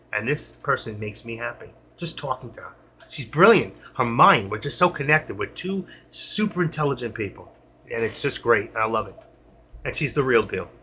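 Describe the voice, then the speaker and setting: A man's voice: mid-range voice, bright, forceful tone, husky. A middle-aged man on a live stream, talking to his chat in an emotional, rambling way and answering viewers by name.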